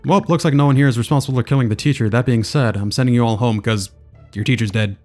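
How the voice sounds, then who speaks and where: A man voicing a stern adult school official who speaks in a brisk, official way. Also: medium pitch, a little mellow, soft background music, lightly acted.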